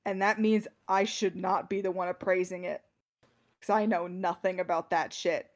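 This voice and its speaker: A woman's voice: lowish voice, fairly even intonation, moderate pace, close to an everyday voice. Blunt ex-commander soldier, read by a woman in her own voice; matter-of-fact delivery.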